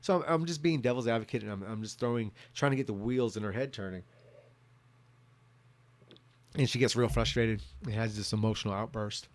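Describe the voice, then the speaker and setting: A man's voice: fairly low pitch, fast, few pauses. Rambling, profane man ranting. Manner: profane, rambling, many restarts. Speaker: vlogger. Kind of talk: drunken rant.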